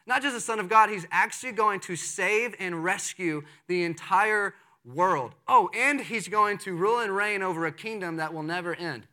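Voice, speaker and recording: A young man preaching a sermon in a lively, conversational way, reading scripture and acting out the people in the story with playful voices. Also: sits high, normal speed, hardly any pauses. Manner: animated and conversational, jumps into playful voices for quoted figures. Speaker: pastor.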